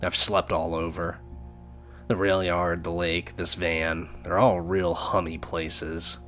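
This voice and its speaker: A man reads a story game aloud, narrating with relaxed side comments. His voice sits very low and he speaks slowly. Faint music plays underneath. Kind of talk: reading a visual novel aloud.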